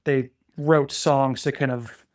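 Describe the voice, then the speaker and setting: A man co-hosting a podcast, retelling fantasy lore in a relaxed, chatty way with frequent restarts and filler words. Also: mid-range voice, slow, no echo, studio quality. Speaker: podcast co-host.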